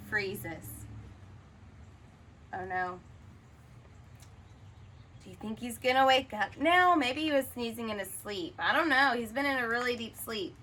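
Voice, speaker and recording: A woman teacher reads a picture book aloud to children. Her slow, expressive delivery pauses for questions, and her voice has a slightly high, bright tone. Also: slight background noise, rough recording. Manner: expressive, asks the listener questions.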